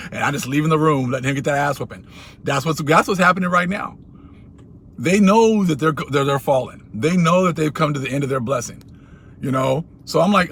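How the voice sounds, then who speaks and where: A man talking in a casual commentary monologue, animated and laughing as he acts out little skits. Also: on the high side, moderate pace, a little hiss or hum. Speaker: channel host.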